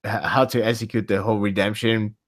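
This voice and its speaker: A man hosting a casual podcast chat, rambling and animated, laughing often. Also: on the low side, fast talker, no echo, studio quality. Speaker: podcast host.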